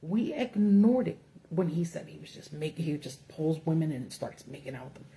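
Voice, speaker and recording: A woman's voice: sits low, expressive, normal speed, dark tone, slight background noise. A woman hosting a casual livestream, ranting bluntly with profanity from notes at home under a ring light. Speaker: political commentary host.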